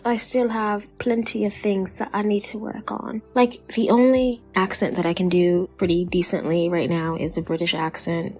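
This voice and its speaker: A woman's voice: medium pitch, darkish tone. A young woman with a Texan accent, talking casually and encouragingly on a podcast, chatty and earnest. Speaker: podcast co-host.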